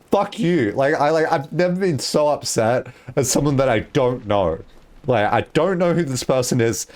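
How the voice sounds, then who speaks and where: Animated young man telling stories. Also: mid-range voice. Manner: rambling, animated storytelling with swearing and laughs. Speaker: streamer. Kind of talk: casual stream chat.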